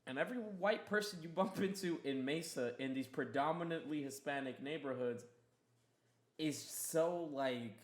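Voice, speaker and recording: A young man hosts a podcast, recounting a story in a heated, forceful manner with frequent swearing. His voice runs slightly high at a moderate pace, in a relaxed storytelling chat.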